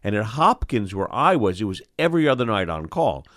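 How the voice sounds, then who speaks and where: An older man from New York who hosts a show as an eye doctor, telling lively stories in casual chat and acting out the voices of the people in them. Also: lowish voice, a little fast, few pauses. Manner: animated storyteller, acts out voices. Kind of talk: storytelling chat.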